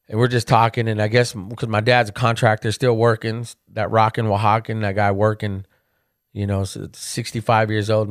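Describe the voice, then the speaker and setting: A podcast host with a fairly low-pitched male voice tells family stories in a candid, casual monologue, often throwing in "man." He gets animated retelling the funny ones. The recording is dry and clean, with studio sound.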